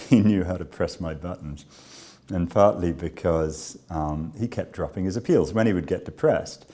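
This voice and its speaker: A man with a notably low voice tells a personal story in an interview. He speaks in a measured, understated way and pauses often between thoughts. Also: dark tone. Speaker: charity director.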